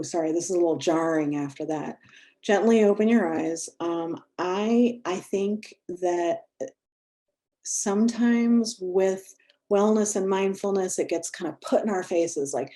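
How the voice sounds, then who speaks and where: Mellow-voiced woman guiding a breathing exercise. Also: medium pitch. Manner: gentle, chatty, self-deprecating. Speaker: mindfulness and yoga instructor. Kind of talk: guided breathing and casual talk to a group. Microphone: video call.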